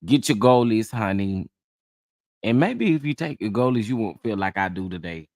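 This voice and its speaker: A man's voice: fairly low pitch, big pitch swings, normal speed, darkish tone, dry recording, clean studio sound. A man hosting a casual live chat, feeling under the weather, greeting viewers by name in a chatty, drawling way. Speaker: livestream host.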